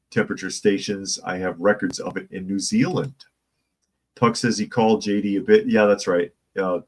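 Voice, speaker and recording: On a rough recording, a deep-voiced man hosts a laid-back news commentary show. Sarcastic throughout, he riffs with off-the-cuff jokes as he reads the articles.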